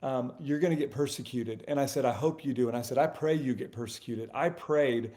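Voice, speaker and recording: A man's voice: mid-range voice, brisk, dark tone. A middle-aged man, a guest, earnestly telling stories in a casual faith talk. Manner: earnest storytelling.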